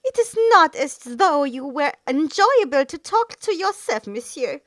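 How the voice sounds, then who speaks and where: A woman's voice: sits high, very animated, moderate pace, a little mellow, dry recording, pitched above the performer's own voice. A woman voicing a smug, teasing male bard in a raised, lilting voice while reading a story aloud.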